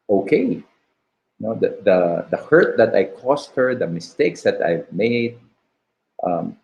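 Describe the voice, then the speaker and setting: A man in his fifties with a Filipino English accent, sharing a personal testimony in an interview, reflective and halting. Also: on the low side, darkish tone, poor audio. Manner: slow and reflective, halting restarts, "diba" tags. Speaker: guest.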